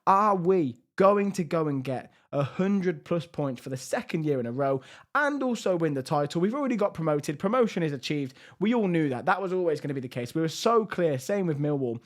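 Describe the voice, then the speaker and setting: A young man with a strained voice, commentating on his own football management game and swinging between hushed and excited. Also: fairly high pitch, a little fast. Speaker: gaming YouTuber.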